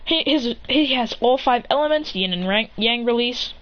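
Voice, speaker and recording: Rambling excitable woman telling a fan story. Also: fairly high pitch, moderate pace. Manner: rambling, excitable, with restarts and mouth sound effects. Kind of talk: casual improvised fan story. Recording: dull lo-fi with faint hiss.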